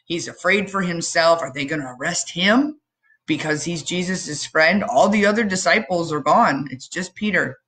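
Low-voiced woman telling a children's Bible story. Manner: expressive, asks children questions, dramatic pauses. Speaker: children's message leader. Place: church.

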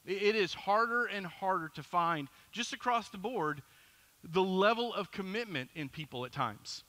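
Delivering a sermon at a moderate pace, this middle-aged male pastor speaks in a high pitch. His storytelling is lively and pokes fun at himself.

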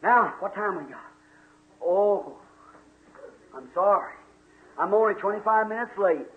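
A man's voice: sits high, expressive, measured pace. A man preaching a fiery sermon in a church, folksy and full of exclamations. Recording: tinny echoey old church tape.

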